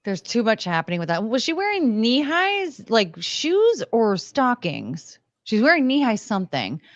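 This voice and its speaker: A woman's voice: fairly high pitch, huge pitch swings, unhurried, dry recording, muffled recording. A woman co-hosting a casual reaction chat, blunt and frank, swearing freely. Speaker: co-host.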